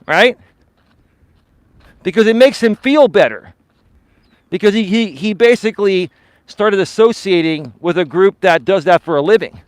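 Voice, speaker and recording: A man's voice: high voice, animated, unhurried, long pauses, dry recording. A male dating and life coach ranting on a live stream, confrontational and repeatedly calling his opponent bro and sir.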